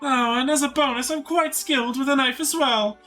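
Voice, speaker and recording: A man's voice: very high-pitched, steady tone, moderate pace, pushed and bright, faint music behind. A man voicing a vain, flirtatious woman mage from a fantasy game, haughty and preening as he reads her lines. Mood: vain flirty.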